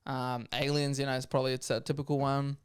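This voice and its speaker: A man's voice: medium pitch, level tone, quick pace, clean tone. A man, co-hosting a podcast in casual chat. He jokes a lot and rambles through many fillers. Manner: joking, rambling, lots of fillers. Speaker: podcast co-host.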